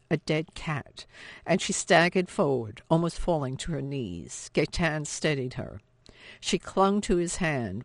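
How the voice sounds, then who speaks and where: A woman narrating a novel in a measured, steady, expressive way, recorded close to the mic. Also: sits low, no room sound. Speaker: audiobook narrator. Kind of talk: scripted narration.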